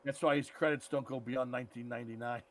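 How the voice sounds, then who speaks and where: A man's voice: medium pitch, fairly even intonation, fast talker, no echo. Blunt, irreverent man chatting. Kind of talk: casual chat.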